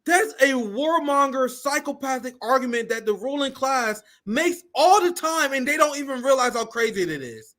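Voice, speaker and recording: A very high-voiced man with a bright, ringing tone hosts a reaction stream. He talks bluntly and mockingly and swears freely. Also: expressive, normal speed, few pauses. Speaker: political commentary host.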